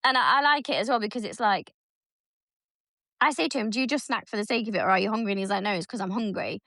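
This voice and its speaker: A woman's voice: medium pitch, quick pace, dry recording, clean studio sound. A woman co-hosting a podcast, telling stories in casual chat and acting out her son's lines. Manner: animated storytelling, acts out her son's lines. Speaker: podcast co-host.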